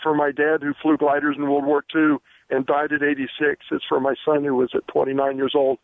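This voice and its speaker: A man calling in to a radio show, speaking earnestly and with grief in a measured way. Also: fairly high pitch, completely flat delivery, no room sound. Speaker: caller. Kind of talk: phone-in call. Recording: tinny phone line.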